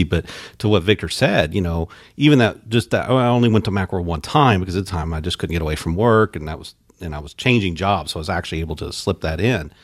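A man's voice: deep voice, expressive, fast, no echo, studio quality. A man chatting as a podcast guest, conversational with hesitant restarts. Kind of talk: casual podcast chat.

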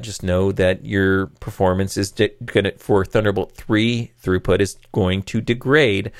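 Tech-show host, male, slightly low voice, dry close sound; chatty explainer with sarcastic asides. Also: no room sound. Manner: conversational, wry and sarcastic asides, frequent fillers.

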